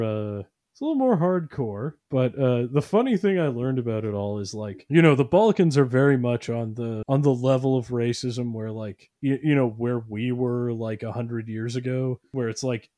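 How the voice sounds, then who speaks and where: Mellow-voiced man in casual joking chat. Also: medium pitch, dry recording, clean studio sound. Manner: rambling and joking, laughs often, puts on quick voices.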